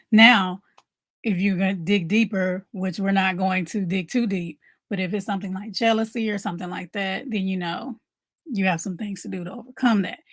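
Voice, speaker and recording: A woman's voice: mid-range voice, no echo. Female mom coach, casual motivational talk to camera, repeats points, dry room sound. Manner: conversational, repeats key points, asks viewers questions.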